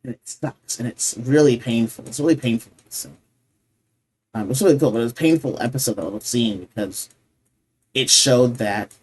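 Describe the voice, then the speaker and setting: A man's voice: medium pitch, darkish tone. A man hosting a reaction video. He talks through his thoughts casually and earnestly, often restarts his sentences and keeps asking "right?". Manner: restarts sentences while thinking aloud.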